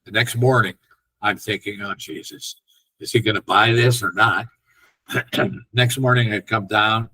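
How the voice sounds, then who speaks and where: A man's voice: fairly low pitch, measured pace, pauses often, slightly rough, rough recording. An older man and film director, a guest on an interview, casually telling a long anecdote and acting out the lines of the people in it. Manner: animated storyteller who acts out quoted dialogue.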